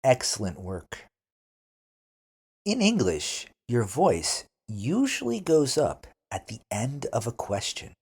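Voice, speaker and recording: Guy teaching beginner english, super slow, repeats every phrase, bouncy intonation. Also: medium pitch, huge pitch swings, a little mellow. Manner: slow, deliberate, repeats phrases clearly for learners. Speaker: English teacher, podcast host. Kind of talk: scripted beginner English lesson.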